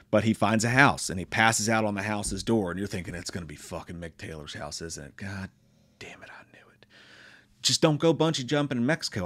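A young man giving a rambling, joking, profanity-filled movie review. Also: on the low side.

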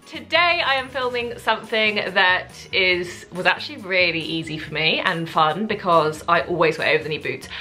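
A woman's voice: medium pitch, bright, forceful tone. A young woman in her twenties chatting to camera as a fashion vlogger, bubbly and self-mocking. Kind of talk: casual chat to camera.

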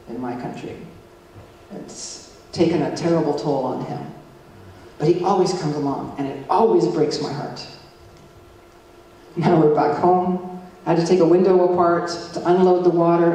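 A middle-aged woman telling her story at a community talk, with a dark, mellow tone. She acts out each exchange by changing her pitch. The sound comes from a mic set well back in a very echoey hall. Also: distant mic. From Alberta, Canada. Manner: storytelling, acting out dialogue with shifts in pitch. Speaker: guest speaker warning communities. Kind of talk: public talk with slides.

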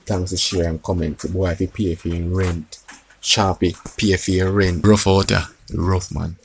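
Soft-spoken man, gravelly low voice. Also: little pitch movement, moderate pace, a little hiss or hum. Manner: talks quietly, keeping his voice down. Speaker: vlogger. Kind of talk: casual chat to camera. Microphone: phone.

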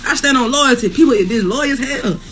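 A woman's voice: sits high, brisk, a bit bright. A woman in pain, streaming live from a hospital room, who talks bluntly with lots of cursing and laughs through her pain while reading viewer comments. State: in pain, near tears. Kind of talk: casual live chat with viewers.

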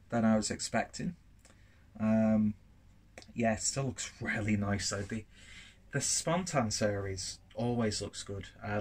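Husky, rambling well-spoken English man. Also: fairly low pitch. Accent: well-spoken southern English. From northern England. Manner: rambling, chatty, self-deprecating. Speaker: beer reviewer. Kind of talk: casual review vlog. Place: home, while cooking.

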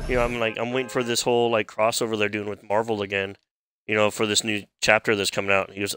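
A man's voice: on the low side, level tone, fairly quick, clear, resonant tone. A young man streaming a game, chatting casually and profanely, telling stories with lots of laughter. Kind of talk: casual gaming chat. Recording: loud background noise.

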